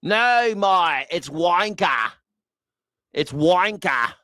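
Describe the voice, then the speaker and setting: A man's voice: mid-range voice, big pitch swings, a little slow, a bit bright, no echo, studio quality. A man voicing a boisterous, exaggerated mock Australian bloke, drawing out slang in an overdone way.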